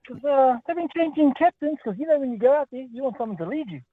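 A man's voice: extremely high pitch, lively intonation, fast, slightly rough. A man calling a talkback show, rambling in a friendly way. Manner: rambling, friendly, trailing off quietly. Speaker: caller. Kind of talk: casual phone-in chat. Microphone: phone. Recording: dry tinny phone line.

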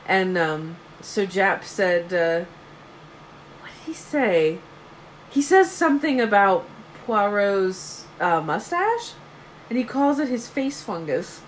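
Lively giggly woman podcast host. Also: medium pitch, slow pace, a little hiss or hum, poor audio. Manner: giggly, animated storyteller. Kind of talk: casual chat.

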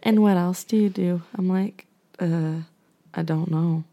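A woman's voice: lowish voice, fairly even intonation, measured pace, warm tone. A young woman co-hosting a podcast, chatting casually in a self-deprecating, rambling way with lots of fillers. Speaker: podcast co-host. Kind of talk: casual chat.

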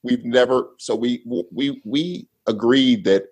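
A man's voice: mid-range voice, slow pace, darkish tone, slightly rough, poor audio. A male comedian guest telling a long story in a laid-back way, acting out the other people in it. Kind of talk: casual storytelling on a podcast.

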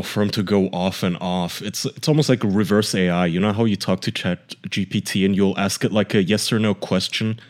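Deep-voiced young guy on a podcast, dry sarcastic comments. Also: darkish tone. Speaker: podcast co-host. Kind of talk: casual podcast chat.

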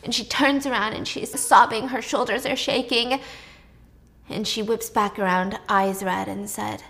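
A woman casually retelling a drama's plot, chatty and lively, raising her voice when she acts out the characters' lines. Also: measured pace, creaky. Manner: chatty, acts out dialogue with raised pitch. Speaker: drama recap narrator. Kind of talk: casual storytelling recap.

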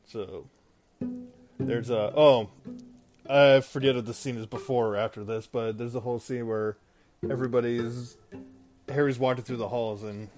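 A man casually recapping a film for a video, rambling with many fillers and asides. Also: mid-range voice. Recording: guitar music playing behind.

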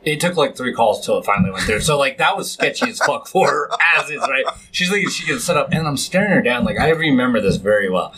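A man's voice: medium pitch, sing-song, fast talker, few pauses, fairly bright tone, slight background noise. A young man hosting a podcast, telling a long anecdote casually, with lots of swearing, fillers and chuckles. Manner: rambling, profane anecdote telling with frequent laughs. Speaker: podcast host. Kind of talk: casual storytelling chat.

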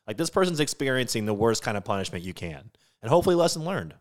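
A man co-hosting a podcast in casual chat, ranting with animated swings and swearing freely between laughs. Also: mid-range voice, fast. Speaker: podcast co-host.

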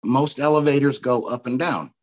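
A man's voice: mid-range voice, moderate pace, highs cut off. A man in his forties from Missouri, a coach and speaker telling stories in a casual podcast interview, laughing often. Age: 40s. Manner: chatty storyteller, laughs often.

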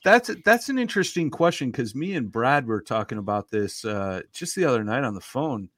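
A man's voice: medium pitch, sing-song, brisk, fairly bright tone, dry recording, clean studio sound. An American man talking in a laid-back, slangy casual chat. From United States.

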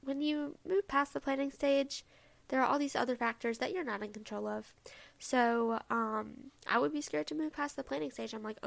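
On her own podcast, a young woman chats casually at normal speed in a high, creaky voice, wandering off into frequent asides.

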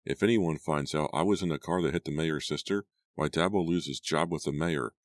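A frightened teenage boy with a short fuse, played by a man reading a storybook. The voice sits very deep and sounds strained and heated. It is recorded close and dry. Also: brisk, dry recording. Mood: angry. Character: angry scared teenage boy, quick temper.

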